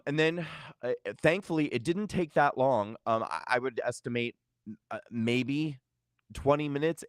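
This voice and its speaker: A man's voice: lowish voice, fairly bright tone, clear, resonant tone, no room sound, clean studio sound. A middle-aged man recounting a family event in a vlog, hesitant, with many fillers and restarts. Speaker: vlogger. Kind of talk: personal storytelling to camera.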